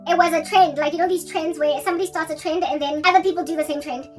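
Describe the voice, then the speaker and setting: A woman's voice: extremely high pitch, steady tone, quick pace, distant mic, soft background music. A woman rambling animatedly in a casual vlog chat, now and then breaking into snatches of song. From South Africa. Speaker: Christian vlogger.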